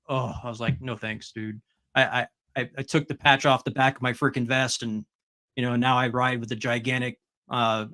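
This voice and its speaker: Relaxed male guest telling stories. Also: mid-range voice. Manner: relaxed, stammering retellings with quoted dialogue. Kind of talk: casual storytelling.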